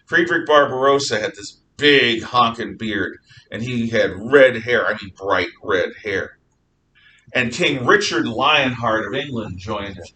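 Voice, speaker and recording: A man's voice: measured pace, pushed and bright. A male history teacher lecturing a class in a casual, jokey storytelling way with asides. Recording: echoey room from far off, faint rumble.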